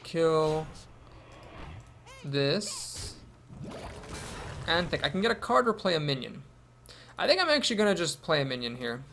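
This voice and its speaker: A man's voice: a little high, very animated, a little slow, gravelly, long pauses, pushed and bright, slight background noise. A man thinking aloud as he commentates his own card game, with wry asides. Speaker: gameplay commentator.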